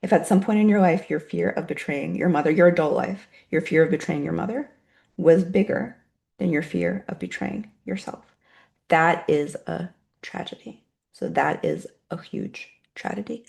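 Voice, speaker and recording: Soft-spoken woman with a gravelly low voice. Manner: soft, slow and soothing while guiding, then brisker reading out chat replies. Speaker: meditation teacher. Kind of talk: guided meditation and online group talk. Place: online video session.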